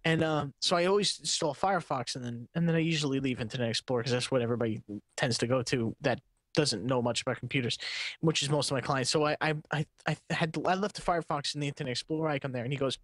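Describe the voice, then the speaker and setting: A man co-hosting a podcast, telling stories in a casual, animated way and laughing often. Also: mid-range voice, quick pace, dry recording. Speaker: podcast co-host. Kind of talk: casual chat.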